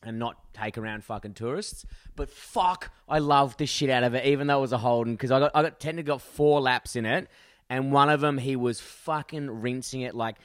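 A man's voice: medium pitch, a little fast, no echo, studio quality. Brash, sweary young man. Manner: crude, loud, jokey storytelling with lots of swearing. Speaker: podcast co-host. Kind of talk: casual chat.

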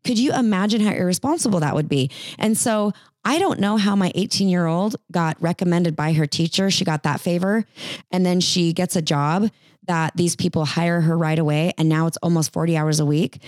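A woman in her forties preaching a sermon, animated, acting out quoted voices. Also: fairly low pitch, normal speed, no room sound.

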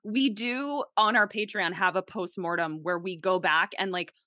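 Brief: bright-voiced young American woman, casual podcast co-host, lively and profane. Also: medium pitch, moderate pace, no room sound, clean studio sound. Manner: animated, swearing, chatty. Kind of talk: casual chat.

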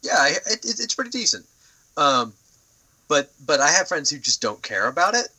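A man's voice: a little high, very animated, normal speed, sharp tone, breathy edge, poor audio. A young man chatting casually on a podcast, rambling with lots of fillers and the odd swear word. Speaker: podcast co-host. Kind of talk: casual chat.

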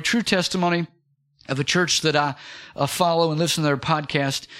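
A man preaching a sermon as pastor, energetic and rhythmic, calling on his congregation to respond. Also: sits high.

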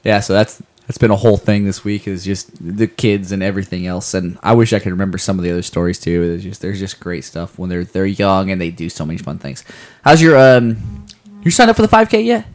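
A man's voice: deep voice, a little fast. A man on a podcast talking about his kids and running in a rambling, playful way, often restarting sentences. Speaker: podcast co-host. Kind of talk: casual chat.

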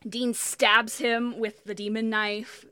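Bright, excited woman recapping a show. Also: fairly high pitch, slow pace, clear, resonant tone, dry recording. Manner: animated and profane, acts out quoted lines. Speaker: podcast co-host recapping an episode. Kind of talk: casual chat, excited episode recap.

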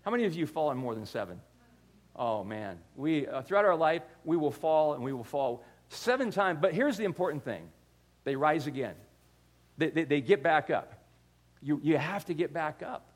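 An older male pastor preaches in a relaxed, conversational way, with a voice that sits a little higher than most men's. He tells stories and often restarts or repeats a word as he gathers his thoughts. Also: normal speed. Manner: storytelling, conversational, with frequent restarts and repeated words. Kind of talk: sermon.

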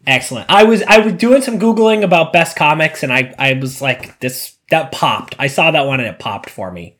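Animated man telling a story. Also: on the high side, normal speed. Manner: animated storyteller, acts out voices. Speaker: podcast co-host. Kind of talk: casual chat.

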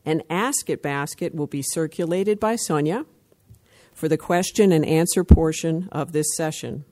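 Chair reading the meeting rules off a script, mid-pitch voice, steady and formal. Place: meeting room at a workshop.

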